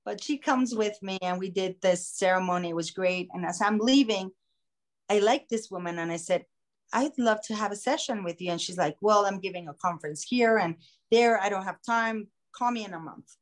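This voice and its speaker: A woman podcast host telling a story in a casual, animated way, acting out the voices of the people in it. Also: mid-range voice, moderate pace. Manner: animated, acts out quoted voices. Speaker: singer.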